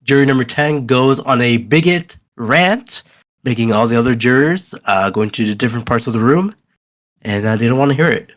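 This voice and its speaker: A man's voice: medium pitch, expressive, fairly quick. Podcast host, male, mid voice, rambling casual recap full of uhs. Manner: rambling, hesitant, many uhs. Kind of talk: casual chat recapping a movie.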